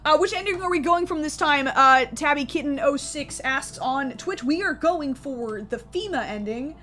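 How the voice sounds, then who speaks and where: High-voiced chatty woman streamer. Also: expressive, moderate pace, fairly bright tone. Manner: chatty, joking, self-correcting. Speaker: gaming streamer. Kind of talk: casual let's-play commentary.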